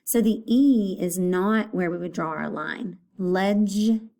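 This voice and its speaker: Slow, patient woman teaching phonics. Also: lowish voice, creaky, darkish tone. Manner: slow, patient, repeats words aloud to children. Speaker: elementary school teacher. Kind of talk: recorded phonics lesson for children.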